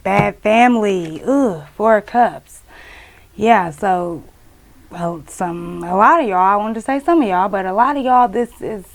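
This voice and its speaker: A woman gives a casual tarot reading. Her gravelly voice sits at an ordinary pitch. She talks bluntly and profanely, scolding her listeners with heavy emphasis. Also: lively intonation, measured pace. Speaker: tarot reader.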